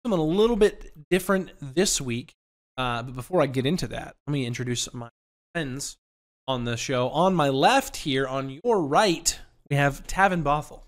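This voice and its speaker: A man's voice: on the high side, lively intonation, moderate pace. Rambling man hosting a podcast. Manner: rambling, filler-heavy, self-deprecating. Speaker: podcast host. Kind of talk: casual podcast chat.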